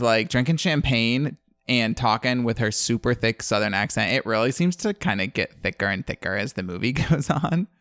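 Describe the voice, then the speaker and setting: A man's voice: mid-range voice, fairly bright tone, smooth, dry recording, studio quality. Chatty man recapping a movie. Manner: rambling, chatty, lots of "like". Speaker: podcast co-host recapping a film. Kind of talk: casual chat.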